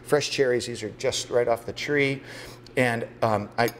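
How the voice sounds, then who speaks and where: A man's voice: mid-range voice, fairly even intonation, measured pace, slight background noise. Chatty man cooking on TV. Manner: chatty, joking, talks through steps with fillers. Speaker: guest cook. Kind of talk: casual cooking demo. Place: TV studio kitchen.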